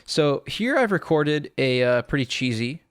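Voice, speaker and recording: A man's voice: a little high, big pitch swings, a little slow, smooth, dry recording. A man giving a casual audio tutorial, explaining in a laid-back way with lots of "sort of", close to a studio microphone. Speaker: music producer explaining sound design.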